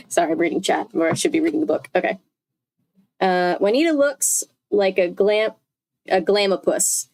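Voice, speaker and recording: A woman's voice: fairly low pitch, measured pace, vocal fry, long pauses, a little mellow. A young woman reading a novel aloud on a live stream in a chatty way, stopping to correct herself and talk to her chat. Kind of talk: casual live read-aloud.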